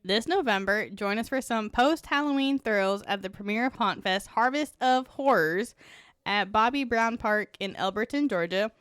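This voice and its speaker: A woman's voice: mid-range voice, moderate pace, smooth, no room sound, studio quality. A woman co-hosting a podcast, reading sponsor copy and a history story with frequent laughs. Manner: laughs often, lively reading. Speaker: podcast co-host.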